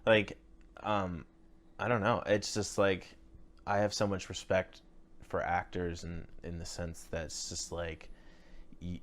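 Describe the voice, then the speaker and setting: A man, a writer and director, speaking in a halting way and often searching for words as he praises an actress in a casual chat. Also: fairly low pitch, fairly bright tone.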